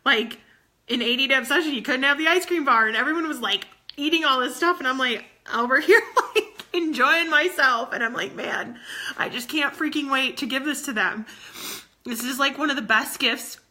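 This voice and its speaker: Close to tears, a fitness coach in her thirties earnestly rallies her team, repeating herself often. Her voice sits high and sounds bright and forceful, moving fairly quickly.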